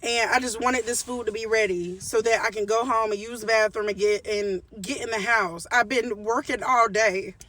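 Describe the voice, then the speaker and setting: A woman vlogger talks straight to her viewers in a heated storytime rant. Her voice sits high and rings bright. She hammers her points by repeating them and often restarts her sentences. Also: steady tone, moderate pace, few pauses, far from the mic. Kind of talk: casual storytime rant to camera.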